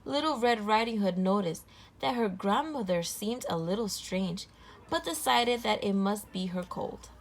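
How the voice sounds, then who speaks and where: A woman narrating a children's storybook aloud in a clear, gentle voice. Her reading stays even and measured at a middle pitch. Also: a little hiss or hum.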